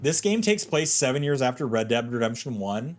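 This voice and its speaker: A man's voice: mid-range voice, big pitch swings, fairly quick, faint music behind. A man casually commentating a game he is playing, jokey and playful with puns. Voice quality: jokey, playful, given to puns and silly voices. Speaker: gaming streamer. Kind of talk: casual let's-play commentary.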